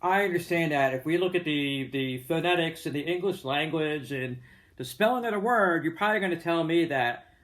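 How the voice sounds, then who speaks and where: Chatty Delco-accented man, higher voice. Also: a little fast, fairly bright tone. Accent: Delco Philadelphia-area. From Delaware County, Pennsylvania. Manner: chatty and rambling, with many fillers and jokey asides. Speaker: vlogger. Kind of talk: casual explanatory monologue.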